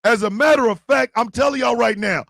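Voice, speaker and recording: A man hosting a radio talk show, giving comedic advice in a loud, profane voice and often shouting. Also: very high voice, brisk, creaky, dry recording, studio quality.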